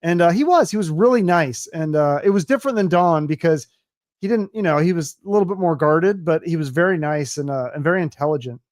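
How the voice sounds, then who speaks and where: A man's voice: on the high side, brisk, a little mellow, no room sound, studio quality. A man hosting a podcast in casual chat, enthusiastic and chatty and swearing casually. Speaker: podcast host.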